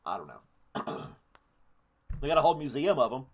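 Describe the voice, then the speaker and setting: A man hosting a casual podcast stream, talking loosely and meandering from one thought to the next. He throws in crude jokes and offhand remarks, and his voice sits at an ordinary middle pitch. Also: big pitch swings, normal speed. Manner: rambling, jokey, crude asides. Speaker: podcast host. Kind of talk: casual live-stream chat.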